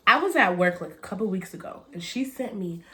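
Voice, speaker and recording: A woman's voice: medium pitch, animated, a little fast, a bit bright. A young adult woman chatting casually in a storytime vlog, retelling events dramatically with gasps and laughter. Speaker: vlogger telling a story.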